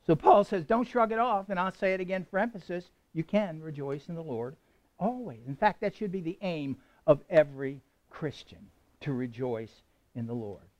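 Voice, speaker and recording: A man with a high voice preaches a sermon to his congregation. He talks conversationally, asks his listeners questions and chuckles now and then. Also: lively intonation, moderate pace, a little mellow. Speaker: pastor.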